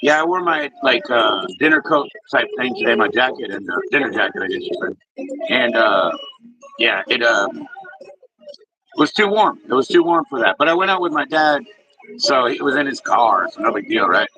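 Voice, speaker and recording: A man's voice: medium pitch, lively intonation, moderate pace, low-quality recording. A man hosting a live stream, chatting casually with viewers in a laid-back, slangy and profane way. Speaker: livestream host. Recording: music playing in the background.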